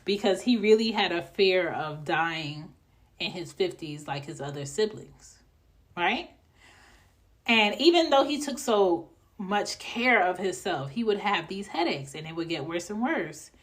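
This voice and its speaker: A woman's voice: on the low side, lively intonation, measured pace, breathy edge. A woman hosting a podcast on her own, giving a blunt, profane pep talk in a casual way. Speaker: podcast host.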